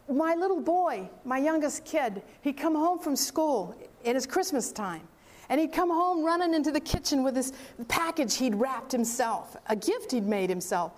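High-voiced older woman telling a story. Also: normal speed. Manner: animated storyteller acting out dialogue. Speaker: speaker. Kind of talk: sermon storytelling.

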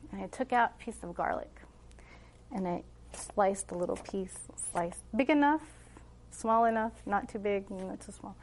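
A woman's voice: mid-range voice, moderate pace, a little mellow. A middle-aged woman telling stories about raising her children, animatedly acting out what she and they said. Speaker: homeschooling mother giving a talk. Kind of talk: casual storytelling talk.

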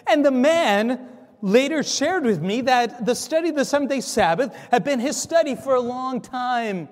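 Guy preaching a story in church, really high voice, lively, big hall echo. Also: normal speed. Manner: animated, acts out dialogue, stammering restarts. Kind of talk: storytelling sermon.

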